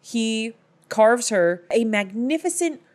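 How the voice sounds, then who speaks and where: A woman's voice: a little high, expressive, slow pace. A woman giving a casual, jokey recap of a movie, telling the plot with a sarcastic edge. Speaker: vlogger.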